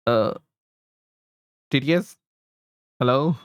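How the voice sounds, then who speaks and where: A man's voice: mid-range voice, takes it slowly, clean tone, no room sound, muffled recording. A man livestreaming, rambling casually to his chat with frequent chuckles while he fiddles with settings.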